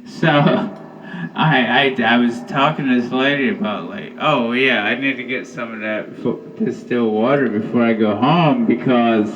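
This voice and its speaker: A man's voice: medium pitch, unhurried, a bit bright, recorded from a distance, lo-fi sound. A man doing a stand-up comedy set, telling rambling, profane stories.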